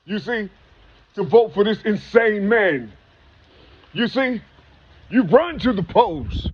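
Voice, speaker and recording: A man's voice: high-pitched, animated, takes it slowly, breathy edge, highs cut off. A man in a rambling, preachy spoken monologue, full of rhetorical questions and profanity. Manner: preachy, repeats "you see" often.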